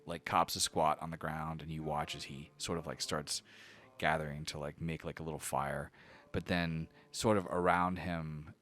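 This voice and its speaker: A man's voice: rumbling low, a bit bright. A man narrating as game master, in a casual style full of fillers.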